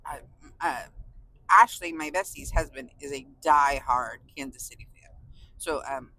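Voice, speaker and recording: A woman's voice: deep voice, unhurried, sharp tone, poor audio. A woman from California vlogging to her viewers in a casual, gushing, emotional way, often close to tears and laughing. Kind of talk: casual chat to camera.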